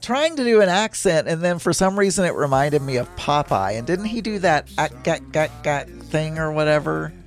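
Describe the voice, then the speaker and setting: Chatty, higher-voiced male podcast host. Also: expressive, normal speed, hardly any pauses, faint music behind. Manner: chatty, rambling, laughs easily. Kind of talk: casual solo podcast monologue. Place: home.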